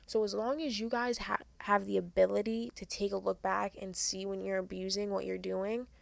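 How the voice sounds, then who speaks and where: A woman's voice: medium pitch, flat delivery, moderate pace, vocal fry, dry recording. A young woman hosting a podcast, giving frank, earnest advice in casual chat and swearing freely. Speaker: podcast host.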